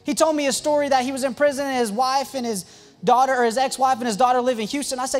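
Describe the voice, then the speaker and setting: Young male youth pastor, very high voice, excitable storyteller with quick jokes. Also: faint music behind. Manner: excitable and joking, with quick asides and restarts. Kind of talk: storytelling sermon.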